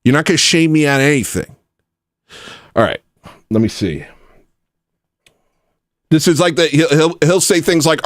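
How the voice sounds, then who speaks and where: A man hosting a casual livestream, ranting and swinging from low mumbles to loud outbursts. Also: unhurried, pauses often, no echo, clean studio sound. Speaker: livestream host.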